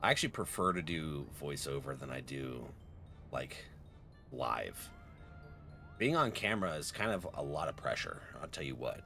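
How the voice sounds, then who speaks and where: Gravelly, laughing young streamer guy. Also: a bass voice, animated, moderate pace, pushed and bright, faint music behind. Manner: laughs often, chats with viewers. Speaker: game streamer. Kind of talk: casual live-stream chat.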